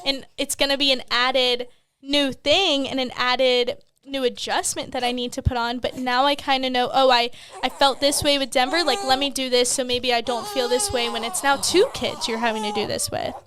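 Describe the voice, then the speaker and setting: A woman's voice: sits high, flat delivery, normal speed, fairly bright tone, clean tone. A young adult woman co-hosting a podcast from home, chatting candidly and laughing often, with frequent swearing. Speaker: podcast co-host. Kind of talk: casual chat. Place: at home, children heard downstairs.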